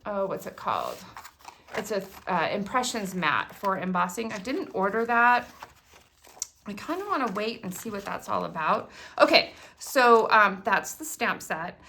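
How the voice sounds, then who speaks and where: A middle-aged woman chatting casually and excitedly as she unboxes new craft products for viewers. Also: mid-range voice, measured pace, slight background noise.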